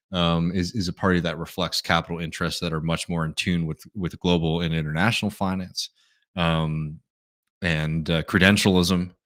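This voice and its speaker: A man hosting a live stream, reading out viewer messages and answering them in a relaxed, thinking-aloud way with many fillers. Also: low voice. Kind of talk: casual live Q&A commentary.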